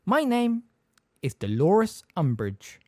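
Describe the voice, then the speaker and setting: A prim, pompous middle-aged woman official, put on by a man in an audiobook, slow, loud and condescending. The voice is pitched well above his own, in a dry, close recording. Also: huge pitch swings, dry recording, full character voice. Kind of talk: audiobook character reading.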